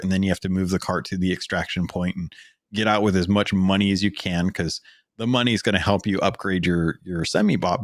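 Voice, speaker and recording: A man's voice: low voice, no room sound, clean studio sound. A man co-hosting a podcast, chatting casually about video games, rambling with lots of fillers and restarts. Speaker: podcast co-host. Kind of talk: casual gaming chat.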